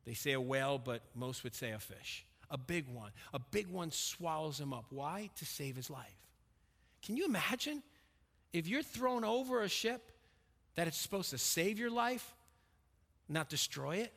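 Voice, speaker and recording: A man preaching an expository sermon, emphatic, swinging between raised and hushed delivery. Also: on the high side, expressive, normal speed, vocal fry. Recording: long reverb of a large hall.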